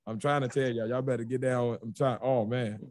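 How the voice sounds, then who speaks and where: A man's voice: mid-range voice, steady tone, brisk, darkish tone, no echo. Man, podcast co-host, teasing banter, dry close sound. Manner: teasing and hyping up his co-host.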